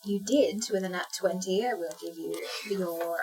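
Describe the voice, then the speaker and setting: A woman narrating as game master of a tabletop game, measured with fillers, heard on a distant mic with faint music. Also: fairly low pitch.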